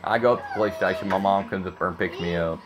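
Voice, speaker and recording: In his thirties, a male vlogger talks to camera in a casual monologue, blunt and rambling, repeating himself. His low voice races along in a very noisy recording.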